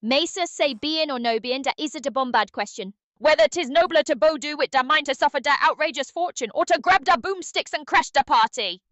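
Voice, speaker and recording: A woman's voice: mid-range voice, measured pace, hardly any pauses, sharp tone, clean tone, no room sound, voice pushed down. An AI woman voice doing Jar Jar Binks, British. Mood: goofy. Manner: gleeful, mangled pidgin speech. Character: British-accented Gungan clown, goofy male creature.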